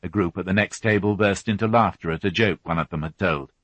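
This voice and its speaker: A man narrating a crime novel as an audiobook reader, unhurried and even. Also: low-pitched, no room sound, muffled recording. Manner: even, unhurried reading with voiced characters. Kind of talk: scripted narration.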